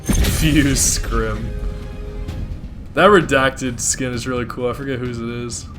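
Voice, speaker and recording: Male streamer, mid pitch, rambling and profane, casual recap commentary. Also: slow, over music. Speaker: gaming streamer recapping a TV show.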